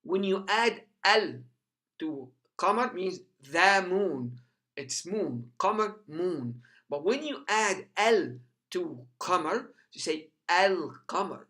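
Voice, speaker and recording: A man with a bright, forward voice gives a lesson, saying each sound again and again so learners can copy it. His first language is Arabic. He stays patient and careful, and at times his voice sinks low and soft. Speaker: teacher.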